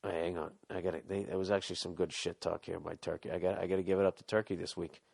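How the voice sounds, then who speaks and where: A man's voice: low voice, level tone, fast talker, creaky, a little mellow. A man hosting a podcast, delivering a rambling, profane, sarcastic comedic rant. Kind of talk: ranting comedic monologue.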